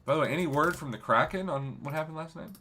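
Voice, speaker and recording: A hoarse man hosting a casual livestream, upbeat and thanking his viewers. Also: fairly high pitch, fast talker, pushed and bright. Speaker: livestream host.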